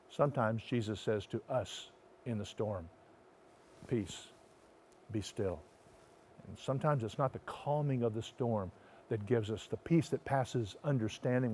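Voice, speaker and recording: A man, a pastor, preaching a sermon. He swings from loud emphatic lines to soft, slow, hushed passages. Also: medium pitch.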